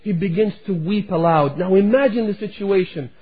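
Husky-voiced man preaching a sermon. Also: high voice, normal speed. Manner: emotive storytelling, addresses congregation. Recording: tinny phone-like recording.

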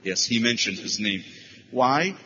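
A man's voice: mid-range voice, expressive, unhurried, pushed and bright, long reverb tail, lo-fi sound, slight background noise. A man giving a religious lecture and taking questions, telling stories earnestly and using Arabic phrases.

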